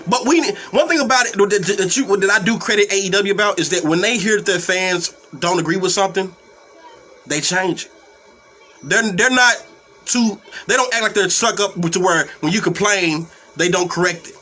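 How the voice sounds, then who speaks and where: Heated high-voiced man ranting. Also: moderate pace, pushed and bright, slight background noise. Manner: heated, cursing, repeats words while ranting. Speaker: wrestling commentary host. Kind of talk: profane live-stream rant.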